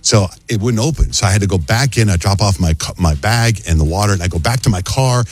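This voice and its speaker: A middle-aged man on a radio show tells a long story at a quick clip, his voice low and husky. He acts out little sounds and what people said, lively and chatty, with a dry studio sound close to the mic. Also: dry recording. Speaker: radio host. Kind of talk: casual storytelling on morning radio.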